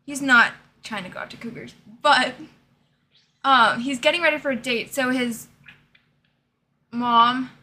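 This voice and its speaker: A woman's voice: high-pitched, unhurried, long pauses, pushed and bright, a little hiss or hum. A young woman chatting casually as a podcast co-host, animatedly retelling scenes and acting them out. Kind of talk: casual chat.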